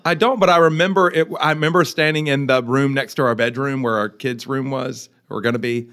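A man's voice: medium pitch, a little fast, a bit bright. A middle-aged man, a podcast guest, chatting in an easygoing way and laughing readily. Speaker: guest, host's husband. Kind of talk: casual chat.

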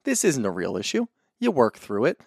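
A man's voice: mid-range voice, wildly swooping pitch, moderate pace, vocal fry, husky, no room sound, clean studio sound. Blunt, swearing man co-hosting a podcast. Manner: blunt, heated, swears freely. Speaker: podcast co-host. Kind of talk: casual recap chat.

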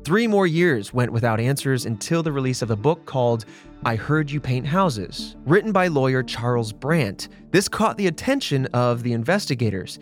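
Male podcast host, casual true-crime storyteller, mid-pitched, plays out quotes. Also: lively intonation, moderate pace, soft background music. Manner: conversational storyteller, acts out quotes.

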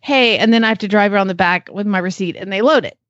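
A woman podcast host telling a story in a casual, animated way, laughing as she goes. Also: mid-range voice, quick pace, no room sound. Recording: dull lo-fi dry recording.

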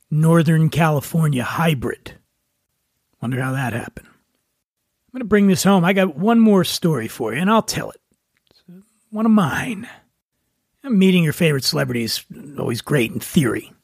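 A man hosting a storytelling show, telling his own story in a relaxed, wry, conversational way. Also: a little high, vocal fry, dry recording, clean studio sound. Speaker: podcast host. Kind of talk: storytelling monologue.

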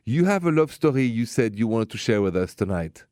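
A man hosting a radio advice show, speaking in an upbeat, emphatic and animated way. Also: medium pitch, fairly quick, no echo, studio quality.

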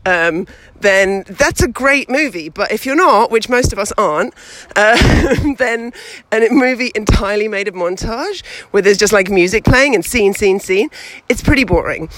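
A woman hosting a podcast, teaching storytelling in a lively, chatty way while she walks outdoors with her baby. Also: medium pitch, moderate pace, no room sound, poor audio. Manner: lively and chatty, with many fillers. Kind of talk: casual instructional talk. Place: outdoors, walking with a baby past traffic.

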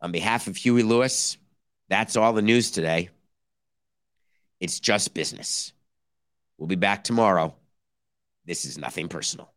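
A man's voice: deep voice, measured pace, long pauses, fairly bright tone, no echo, clean studio sound. A man hosting a baseball podcast, talking in sarcastic bursts and acting out mock conversations between teams. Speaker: podcast host. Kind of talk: animated baseball commentary.

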